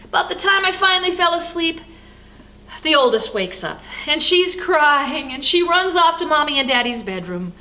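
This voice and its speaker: Older woman, pastor, devotional storytelling sermon, high voice, bright tone. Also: big pitch swings, moderate pace.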